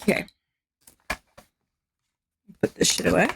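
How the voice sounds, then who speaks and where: A woman's voice: slow pace, fairly bright tone, slight background noise. A young adult woman streamer chatting casually with her live chat, rambling and sarcastic, swearing a lot.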